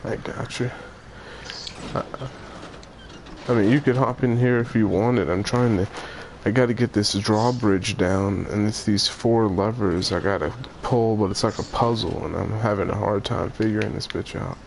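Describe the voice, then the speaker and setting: A male streamer talks casually with friends while he plays. His voice sits on the low side and he stumbles over his words as he thinks. Faint noise runs underneath. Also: steady tone, moderate pace, creaky, a little mellow. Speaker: streamer playing a game. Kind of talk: casual gaming chat.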